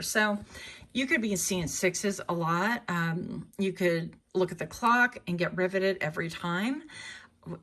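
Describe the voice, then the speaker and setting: A woman's voice: mid-range voice, a bit bright. A woman doing a casual, rambling tarot reading, talking in a chatty way and often correcting herself. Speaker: tarot reader.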